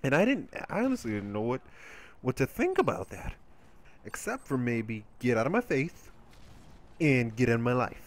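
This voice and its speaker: A man's voice: medium pitch, normal speed. Rambling, crude male gameplay commentator. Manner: rambling, crude, animated storytelling. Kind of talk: casual storytelling over gameplay.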